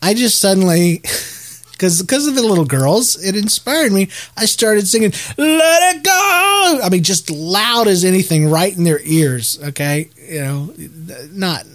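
Chatty man, slightly high voice. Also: a little slow. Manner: rambling, self-deprecating, many restarts. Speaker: podcast host. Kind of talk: casual solo podcast chat.

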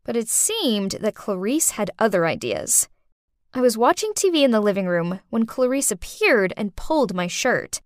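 A woman narrating a first-person story for a podcast in an expressive, dramatic way. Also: a little high, normal speed, no room sound, studio quality.

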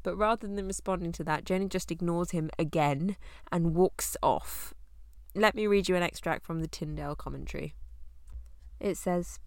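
A young woman teaching through a Bible book in a relaxed, conversational way, often laughing as she talks. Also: on the low side, moderate pace, no echo, clean studio sound.

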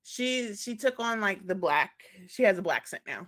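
A woman co-hosting a podcast in casual chat, animated, laughing often and acting out quoted voices. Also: mid-range voice, moderate pace. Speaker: podcast co-host.

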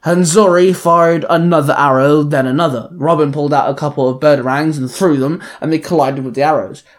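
A man's voice: a little high, fairly even intonation, brisk. A man narrating a superhero fan fiction story in a plain storytelling manner. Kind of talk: reading fan fiction aloud.

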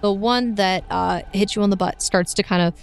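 A woman narrating as game master of a tabletop game, lively and playful, often laughing. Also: medium pitch, moderate pace, vocal fry, clear, resonant tone.

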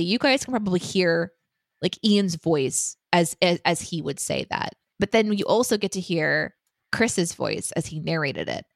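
Chatty woman with a lowish voice. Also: no room sound, studio quality. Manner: chatty, laughs often, many fillers. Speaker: podcast co-host, writer. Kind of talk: casual chat.

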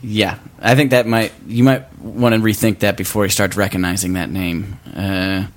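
A man's voice: flat delivery, moderate pace, lightly acted. A man voicing a grumpy grown uncle who openly dislikes his baby nephew, in an improvised comedy scene. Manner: blunt and grumbling, low and quiet.

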